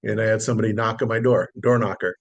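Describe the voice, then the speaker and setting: A middle-aged man, a solar sales consultant, telling a relaxed story in a podcast interview and acting out the dialogue. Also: lowish voice, quick pace, creaky. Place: Las Vegas.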